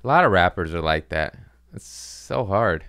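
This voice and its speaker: A man's voice: low-pitched, expressive, moderate pace, fairly bright tone, clean tone, no room sound, studio quality. A man hosting a podcast, talking loosely and profanely in a jokey comedic rant.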